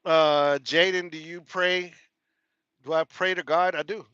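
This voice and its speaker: A man's voice: fairly high pitch, steady tone, measured pace, sharp tone, clear, resonant tone, dry recording, highs cut off. A man with a Texas country twang hosting a casual live stream from his truck cab, reading viewer comments, laughing often and repeating his thanks. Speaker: trucker livestream host.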